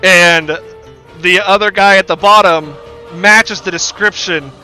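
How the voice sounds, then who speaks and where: A man's voice: high voice, a little slow, pushed and bright, soft background music. A man narrating a tabletop game as game master, casual and full of fillers.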